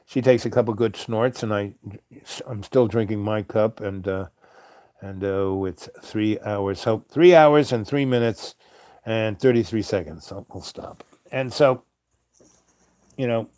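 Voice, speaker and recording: A man hosting a show, telling a meandering late-night story with many fillers and soft chuckles. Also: on the low side, expressive, a little slow, no echo, clean studio sound. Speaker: host.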